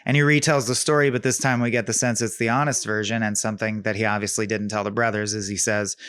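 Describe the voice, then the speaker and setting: A man's voice: on the low side, level tone, fast talker, a bit bright, smooth, dry recording, clean studio sound. A man co-hosting a podcast, casually and animatedly recapping film scenes and quoting the lines. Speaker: podcast co-host.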